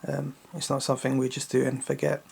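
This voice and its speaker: A man teaching children to recite a Quran chapter, explaining letter sounds slowly and often checking in with "yeah?". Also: monotone, creaky, breathy edge. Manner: slow, repetitive explaining with frequent checking "yeah?"; intones Arabic verses louder and higher when reciting. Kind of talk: patient recitation lesson for children.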